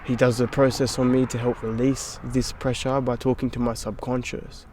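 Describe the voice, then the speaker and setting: A man's voice: mid-range voice, level tone, moderate pace, a little mellow, a little hiss or hum. A young adult man, a podcast guest, telling a personal story in casual chat, swearing freely and dropping into whispers for his inner thoughts.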